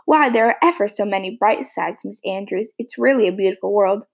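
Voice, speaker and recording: A woman reading the part of an eager, optimistic teenage girl, earnest and pleading, in a husky, gravelly voice. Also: mid-range voice, fairly quick.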